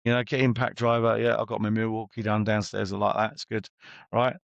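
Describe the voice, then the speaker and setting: Gravelly man, middle-aged, blunt chatty business coach, dry close sound. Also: lowish voice, little pitch movement, fairly quick, dry recording, highs cut off. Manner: blunt, chatty, acts out exchanges with clients. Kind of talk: podcast interview guest.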